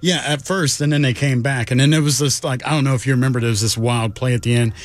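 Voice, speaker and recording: A man's voice: mid-range voice, steady tone, quick pace, no room sound, soft background music. A man co-hosting a casual sports podcast, easygoing and a bit rambling.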